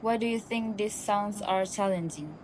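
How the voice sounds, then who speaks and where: A woman's voice: mid-range voice, normal speed, a little mellow, rough recording. Woman interviewer, polite, asks neat questions, faint hum behind.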